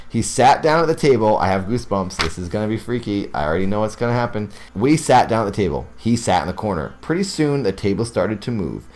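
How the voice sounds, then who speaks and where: A man narrating ghost stories aloud who keeps stopping to react excitedly and ramble to his listeners before going back to the text. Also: on the low side. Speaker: horror story narrator.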